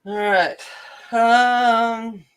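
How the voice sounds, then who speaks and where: A woman's voice: on the high side, steady tone, extremely slow, clear, resonant tone. An Australian woman chatting casually with viewers while she colors, in a rambling, chatty way. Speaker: coloring livestream host.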